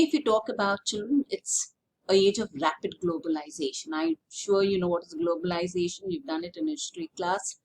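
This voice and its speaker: A woman's voice: medium pitch, slight background noise. A woman, a teacher who reads a text aloud and then explains it in plain words with many fillers. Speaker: English teacher. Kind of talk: online class lesson, reading aloud and explaining.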